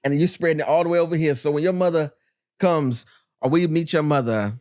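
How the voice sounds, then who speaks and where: A man's voice: fairly high pitch, fairly quick, darkish tone, clear, resonant tone. A man hosting a podcast interview, teasing his guests playfully and laughing often. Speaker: podcast host. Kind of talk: casual interview.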